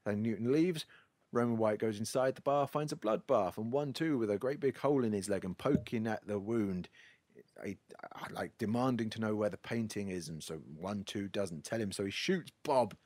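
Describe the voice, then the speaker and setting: A man's voice: on the low side, normal speed, darkish tone, dry recording. A man hosting a podcast, wryly recapping a film plot in a casual, storytelling way. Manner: wry, storytelling. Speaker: podcast host.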